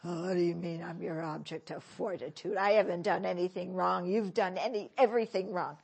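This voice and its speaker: A woman's voice: fairly low pitch, fairly even intonation, fairly quick, gravelly, darkish tone, husky, pitched below the performer's own voice. A woman doing an indignant person protesting innocence. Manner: defensive and protesting.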